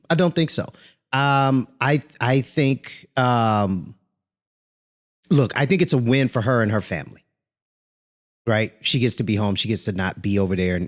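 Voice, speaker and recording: A man's voice: fairly low pitch, moderate pace. A man co-hosting a podcast in casual chat, laughing easily and dropping joking asides. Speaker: podcast co-host.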